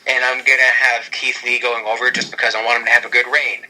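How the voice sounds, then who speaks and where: A man on a podcast excitedly pitching storylines in casual chat, rambling and often restarting his sentences. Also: quick pace, low-quality recording. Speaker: podcast co-host.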